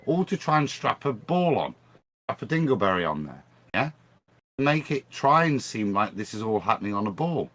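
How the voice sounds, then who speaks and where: A man in a casual livestream discussion, arguing his point with animated restarts. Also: mid-range voice. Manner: animated, argumentative, restarts phrases.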